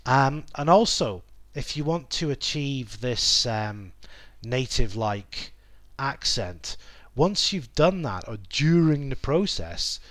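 A man hosting a solo educational podcast, explaining things in a measured way with frequent ums. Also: medium pitch, expressive, fairly bright tone, no echo. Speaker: podcast host.

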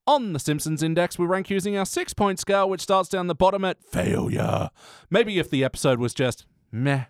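A man's voice: high voice, no echo, clean studio sound. A man hosting a casual podcast chat, laughing often. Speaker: podcast host.

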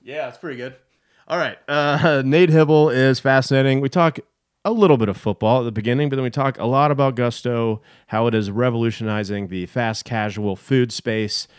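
A man co-hosting a podcast in casual chat, with quick joking banter. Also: mid-range voice, clean tone, no echo, clean studio sound. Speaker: podcast co-host.

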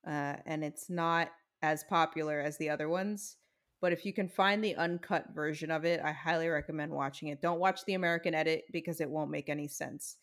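A woman's voice: low-pitched, fairly even intonation, fairly quick, a bit bright. A young adult woman co-hosting a casual chat, explaining things at length in a blunt way and swearing casually.

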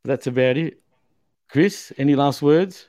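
A man's voice: mid-range voice, measured pace, dark tone, dry recording. A man hosting a podcast in casual chat, rambling and swearing, with frequent "you know what I mean". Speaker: podcast host.

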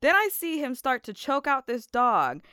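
A woman guest on a podcast, chatting casually and telling stories with animated, acted-out quotes. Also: high-pitched, normal speed, clean tone, dry recording, studio quality. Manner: animated storyteller, acts out quotes. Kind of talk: casual chat.

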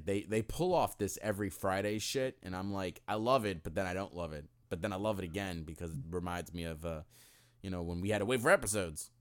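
A man's voice: deep voice, clear, resonant tone. A young man co-hosting a podcast in a casual, profane, joking chat. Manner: animated, profane, jokey. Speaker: podcast co-host.

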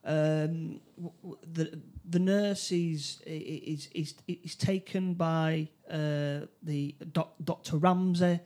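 A man recapping a film plot in casual chat, halting, with many restarts and fillers. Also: fairly high pitch, steady tone, darkish tone. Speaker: film review co-host.

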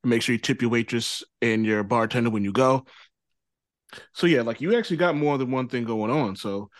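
A man hosts a laid-back podcast chat at a middle pitch, rambling loosely from one thought to the next. His voice is close and dry with no room sound around it. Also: fairly quick, dry recording. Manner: loose and rambling, often adding "you know what I mean". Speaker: podcast host. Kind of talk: casual chat.

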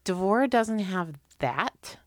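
A woman's voice: mid-range voice, animated, slow pace, dry recording, clean studio sound. A woman co-hosting a podcast, chatting casually and rambling through sidebars about movies.

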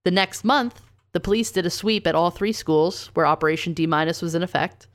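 A woman's voice: on the low side, fairly quick. A woman, co-hosting a podcast and casually telling a true crime story, reading quotes aloud and saying "like" often. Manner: casual, says "like" a lot, reads quotes aloud.

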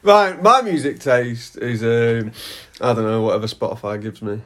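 A man co-hosting a podcast, telling stories in a casual chat with teasing, deadpan jokes. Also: medium pitch, moderate pace. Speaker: podcast co-host.

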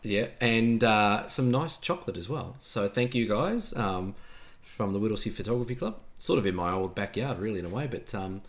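A man's voice: lowish voice, moderate pace. An Australian man co-hosting a podcast, chatting casually and telling stories with frequent restarts. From Tasmania, Australia. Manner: relaxed storytelling, frequent restarts. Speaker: podcast co-host. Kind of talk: casual chat.

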